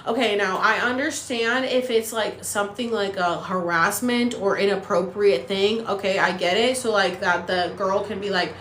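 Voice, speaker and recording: A woman hosting a casual livestream chat, ranting in an animated, profane, incredulous way. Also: mid-range voice, normal speed, hardly any pauses, echoey room, a little hiss or hum. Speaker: TikTok live host. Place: apartment in a city.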